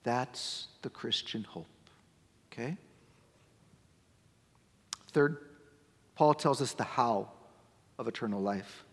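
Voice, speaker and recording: A middle-aged man preaching a sermon as pastor, talking conversationally and building to emphatic, near-shouted points. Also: medium pitch, takes it slowly, long pauses. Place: church sanctuary. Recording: long church-hall reverb.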